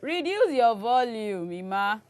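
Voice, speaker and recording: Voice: mid-range voice, sing-song, measured pace, a crowd in the background. A talk show host who handles callers and adds short affirming remarks. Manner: brief, affirming interjections.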